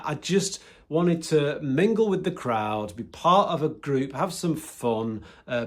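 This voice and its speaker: A man giving a personal devotional talk, telling his own story in a candid, reflective way with sudden emphatic rises. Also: mid-range voice. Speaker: Christian teacher.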